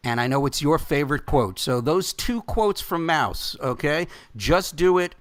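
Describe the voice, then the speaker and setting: A man's voice: fairly high pitch, lively intonation, a little slow. A man hosting a podcast interview, speaking earnestly and emphatically and turning to address his listeners directly. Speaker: podcast host.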